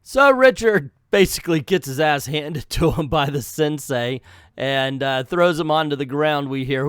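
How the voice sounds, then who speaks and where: A man hosting a casual comic book reading, animated and joking, with frequent laughter and incredulous asides. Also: fairly high pitch, unhurried, smooth, dry recording, clean studio sound. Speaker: comic book video host.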